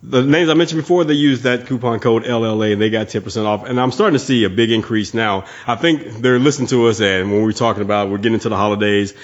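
A man's voice: quick pace, few pauses, highs cut off. A man hosting a podcast, talking in a laid-back, casual way and laughing often. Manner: laid-back, laughing, mimics people in a high voice. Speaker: podcast host.

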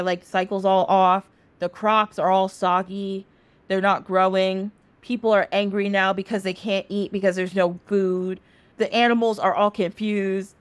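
A woman podcast host casually retelling a myth, animated, swearing now and then and jumping into the characters' voices. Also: medium pitch, no echo. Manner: animated, acts out characters' lines with quick voice shifts; swears casually and laughs while telling. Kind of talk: casual storytelling.

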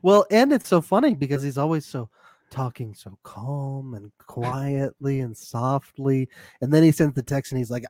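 A man's voice: mid-range voice, lively intonation, moderate pace, darkish tone, no echo, studio quality. A man co-hosting a casual podcast, recapping a show with frequent laughter and acted-out quotes. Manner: laughs often, acts out quotes. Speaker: podcast co-host.

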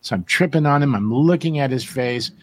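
A man's voice: mid-range voice, fairly quick, breathy edge. A man hosting a casual live show, teasing his guests and laughing often. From San Diego. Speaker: show host.

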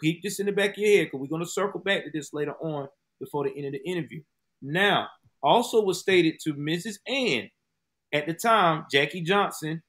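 A man's voice: on the high side, a bit bright. A man hosting a true-crime interview podcast, talking emphatically and straight to his listeners. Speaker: host.

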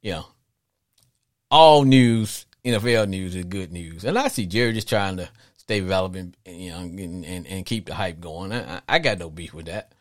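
A middle-aged man from Arkansas hosting a call-in sports podcast, talking in an animated, rambling way with frequent restarts. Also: low voice, moderate pace, dry recording, clean studio sound.

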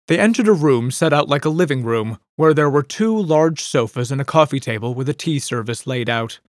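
This is scripted audiobook narration: a man reads a chapter at a steady, even pace. The medium-pitched voice comes through clean studio sound without any room sound.

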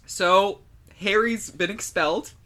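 A woman's voice: medium pitch, takes it slowly, a bit bright. A woman co-hosting a book podcast, recapping the chapter in a dry, wry casual way. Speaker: podcast co-host.

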